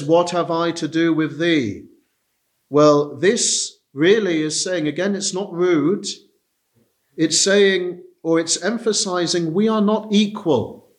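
Measured, deliberate male preacher. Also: a little high. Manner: measured, deliberate, with frequent "uh" pauses. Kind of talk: expository sermon.

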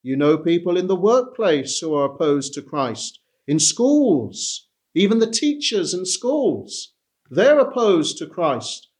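Slow high-ish guy preaching, says everything twice for emphasis. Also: sing-song, darkish tone. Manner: emphatic, repeats key phrases. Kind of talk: sermon.

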